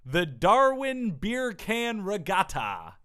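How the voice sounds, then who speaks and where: Young guy on a comedy podcast, bright voice, jokey, bounces up and down a lot. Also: high voice, huge pitch swings, slow pace, smooth. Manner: jokey, reads a segment and riffs on it. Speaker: podcast co-host.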